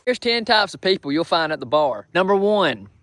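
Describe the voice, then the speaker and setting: A young man doing a crude, brash comedy monologue with loud punchlines. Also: fairly high pitch, sing-song, moderate pace, no echo. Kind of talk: stand-up style comedy monologue.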